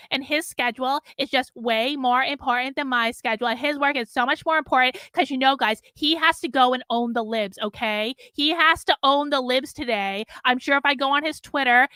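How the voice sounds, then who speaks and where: A woman with a high, bright voice vents in an exasperated, foul-mouthed rant, circling back over the same points and firing off strings of refusals. The recording is dry and close, with no room around her. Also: smooth, no room sound. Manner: exasperated, profane, repetitive venting. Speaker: vlogger. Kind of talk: ranting vlog.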